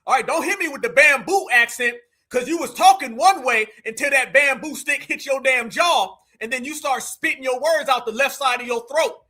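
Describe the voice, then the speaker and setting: Southern guy ranting, real high bright voice, mocking and cussing. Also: normal speed, few pauses. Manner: brash, mocking, profane. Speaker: commentator. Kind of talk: heated reaction commentary.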